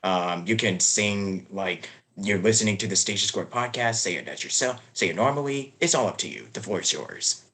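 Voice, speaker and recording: A man's voice: on the low side, normal speed, hardly any pauses, sharp tone. A man hosting a podcast, talking in a loose, upbeat way with many fillers. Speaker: podcast host, voice actor. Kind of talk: casual podcast chat.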